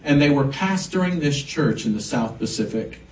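A man's voice: mid-range voice, lively intonation, normal speed, slight background noise. A man preaching a sermon as pastor, emphatic and swelling on key words. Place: church sanctuary. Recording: echoey church room, mic at a distance.

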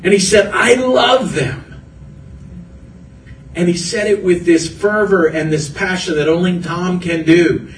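Man, pastor, earnest sermon, repeated phrases, echoey room, distant mic, faint rumble. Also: fairly even intonation, moderate pace. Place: church hall.

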